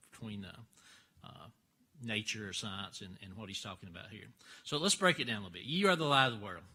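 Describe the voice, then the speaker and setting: Bright-voiced man teaching a Bible class. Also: fairly low pitch, slightly rough. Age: older. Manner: folksy, halting, many fillers and restarts.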